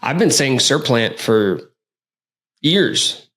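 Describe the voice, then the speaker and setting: A man's voice: mid-range voice, moderate pace. Hyped male sports podcast host. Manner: energetic, hyped, jokey. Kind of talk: casual sports podcast chat.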